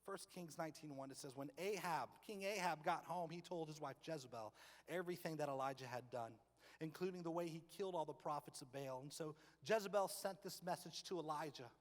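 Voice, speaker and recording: A man preaching a sermon in a church, moving from hushed appeals to loud, fervent storytelling. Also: on the high side, a little fast, long reverb tail. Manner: passionate, swings from soft to loud. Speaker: pastor. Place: church sanctuary.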